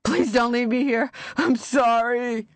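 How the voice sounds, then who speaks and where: A woman putting on a frightened man trapped underground, his voice raw and croaking as he begs. He pleads in a strained, raised pitch, close to breaking. An audiobook reading. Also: normal speed, no echo. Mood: terrified pleading. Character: terrified man buried alive in coffin.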